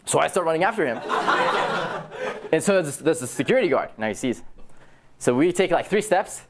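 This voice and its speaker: A young man in his twenties, a startup founder speaking to university students, telling a personal story in an animated way and acting out the dialogue with excited jumps in his voice. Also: a little high, normal speed, heavy background noise. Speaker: startup founder giving a talk. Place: university event room, audience present.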